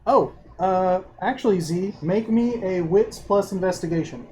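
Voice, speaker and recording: Halting male game master. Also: high-pitched, dark tone, slight background noise. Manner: rambling, halting with fillers. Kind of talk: narrating a tabletop game.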